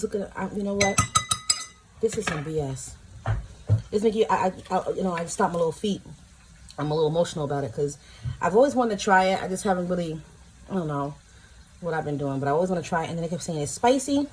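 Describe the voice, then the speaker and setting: A woman's voice: fairly low pitch, a little mellow, a little hiss or hum, poor audio. Chatty, emotional woman tasting food. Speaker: vlogger. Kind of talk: casual food-tasting vlog. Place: home, in pajamas.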